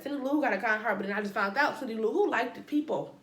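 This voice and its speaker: A woman's voice: on the high side, racing, a bit bright, reverberant. A woman vlogger telling a personal story in a casual way, with dramatic asides and playful sound effects.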